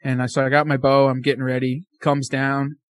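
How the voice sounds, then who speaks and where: A man telling a hunting story as a podcast guest, animated, acting out his own and his friend's words. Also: mid-range voice, a little fast, no echo.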